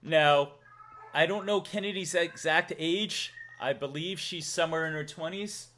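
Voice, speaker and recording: A man's voice: on the high side, a little slow, fairly bright tone. A man with a Massachusetts accent hosting a live stream, chatting casually, laughing often and reading out donations. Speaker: streamer host.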